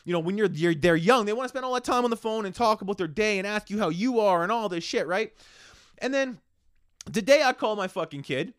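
A man, hosting a casual solo podcast and ranting profanely, swinging between loud outbursts and hushed asides. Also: high voice, lively intonation, brisk, clear, resonant tone, no echo, studio quality. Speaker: podcast host.

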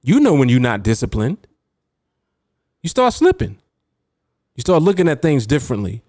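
A man's voice: mid-range voice, huge pitch swings, normal speed, a little mellow, no echo, clean studio sound. A man hosting a podcast as a trading coach, talking casually and emphatically, reading out chat comments and laughing often.

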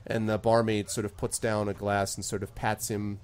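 A man's voice: lowish voice, flat delivery, fairly quick. Man narrating a tabletop game. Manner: casual, hesitant, many fillers. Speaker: game master.

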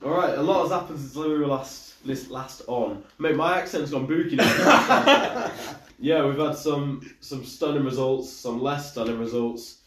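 A young man hosting a casual football podcast, chatting in a relaxed way with his mates. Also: mid-range voice. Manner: laid-back, chatty with mates. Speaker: podcast host. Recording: echoey room, distant from mic.

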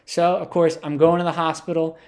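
A man's voice: a little high, little pitch movement, fairly quick, darkish tone. Male comic storyteller, loose and rambling, fillers everywhere. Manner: rambling, filler-heavy, absurd. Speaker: comedian. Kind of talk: comedic storytelling.

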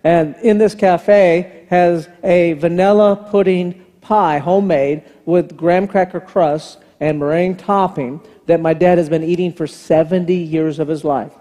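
A man's voice: on the high side, measured pace, dark tone. A man in his fifties preaching a sermon as pastor, telling a family story and acting out the dialogue. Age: 50s. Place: large church hall. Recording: long hall reverb from the sanctuary.

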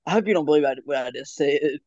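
A young man co-hosting a casual chat, rambling with halting restarts and frequent laughs. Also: on the high side, darkish tone, no echo, highs cut off.

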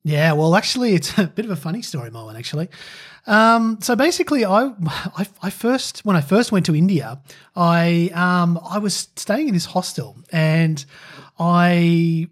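A podcast co-host tells a rambling personal story in a casual storytelling chat, packed with fillers and laughs. His voice sits high and is expressive, at a moderate pace.

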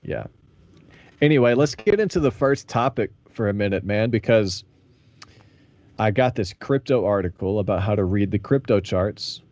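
A man's voice: fairly low pitch, animated, normal speed, darkish tone, no room sound. A man from the American South co-hosting a podcast in loose, profane, laid-back banter. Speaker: podcast co-host. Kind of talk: casual chat.

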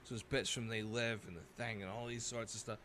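A man's voice: on the low side, level tone, brisk, a bit bright, slight background noise. A man, a podcast co-host telling stories in casual chat, laughing often and swearing freely.

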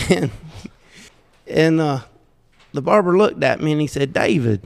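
A man's voice: on the high side, expressive, moderate pace, creaky. A middle-aged man from Southeast Georgia with a Southern accent, telling folksy, self-deprecating stories in casual talk and chuckling often. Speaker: podcast guest. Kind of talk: casual storytelling. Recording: roomy with long reverb.

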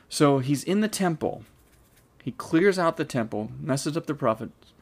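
A man teaching a Bible study, explaining the passage in a relaxed, conversational way and thinking aloud as he goes. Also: on the high side, a little slow, husky.

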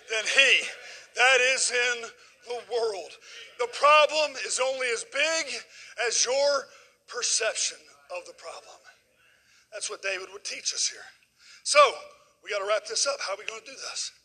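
A middle-aged man preaching a sermon in a folksy storytelling way, using casual dialect grammar and swinging from loud passages to hushed ones. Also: very high voice, husky, low-quality recording. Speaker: guest preacher.

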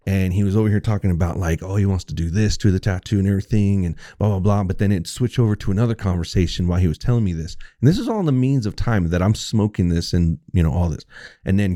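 Man, low voice, mellow, dry close sound, rambling profane storyteller, casual podcast chat. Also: expressive, fast talker, no room sound. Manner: rambling, profane, acts out quotes. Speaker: podcast co-host.

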